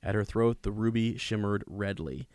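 A man with a fairly low voice talks through a book scene in a rambling, emphatic way, often restarting his sentences. The sound is close and dry. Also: moderate pace, darkish tone, no echo. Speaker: podcast co-host discussing a book. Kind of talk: casual chat with read-aloud passages.

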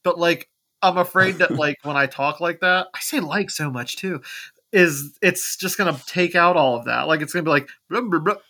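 A man's voice: fairly high pitch, moderate pace, sharp tone. A man hosting a casual podcast, rambling and laughing, with lots of "like" in his talk. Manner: rambling, giggly, says "like" a lot. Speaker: podcast host.

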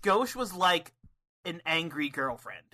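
Male co-host, high bright voice, giggly casual recap. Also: big pitch swings. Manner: laughs often, quick, full of fillers. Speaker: podcast co-host. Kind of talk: casual wrestling recap chat.

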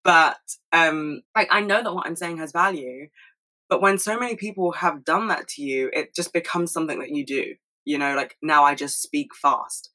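A young woman talking fast and rambling in a casual monologue at home, swearing freely. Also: sits low, pushed and bright, rough recording. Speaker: solo podcast host.

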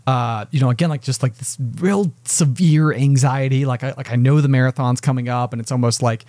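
A man's voice: medium pitch, fairly quick, a little mellow, dry recording. A man co-hosting a podcast in casual chat, rambling and self-deprecating, with many fillers. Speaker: podcast co-host. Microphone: podcast mic with headphones.

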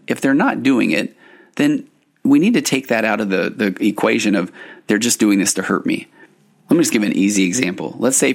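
A man with a low voice and a gravelly edge talks through couples communication in a casual podcast style. He explains earnestly and slips into short acted-out lines from imagined partners. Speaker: couples therapist and podcast host.

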